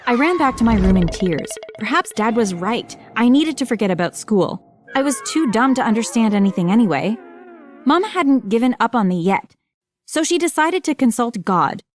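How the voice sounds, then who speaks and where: Woman narrating an animated story. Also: a little high, normal speed, faint music behind. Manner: matter-of-fact storytelling with wry asides. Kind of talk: scripted first-person narration for an animated story.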